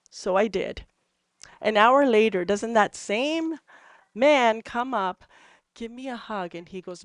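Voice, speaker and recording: A woman's voice: fairly high pitch, animated, moderate pace, no room sound, studio quality. A middle-aged woman from Canada telling personal testimonial stories to a group in a chatty way, with many fillers and laughing at herself. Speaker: entrepreneur sharing testimonials. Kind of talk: casual storytelling to a group.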